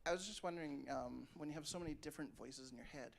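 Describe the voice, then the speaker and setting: A man's voice: fairly high pitch, fast, gravelly, a crowd in the background. A man in the audience asking a panel a question, hesitant and giggly. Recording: crowded convention hall.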